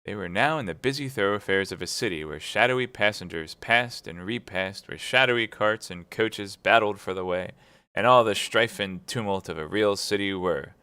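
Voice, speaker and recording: Low-voiced man speed-reading a novel. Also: smooth, dry recording. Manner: brisk, steady reading. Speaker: reader.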